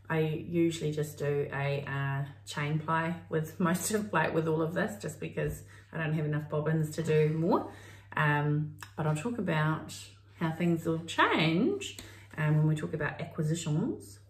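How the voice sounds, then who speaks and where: Animated and low-pitched, she talks at normal speed with few pauses, a middle-aged New Zealander co-hosting a crafting podcast. The casual chat meanders as she thinks aloud, picked up by a far-off mic in a roomy space.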